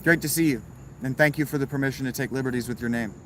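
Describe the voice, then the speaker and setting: A fast-talking man hosts a casual livestream, reading chat and answering with laid-back wit and the odd curse word, at an ordinary pitch. The recording is rough, with a constant hiss and crickets chirping outside.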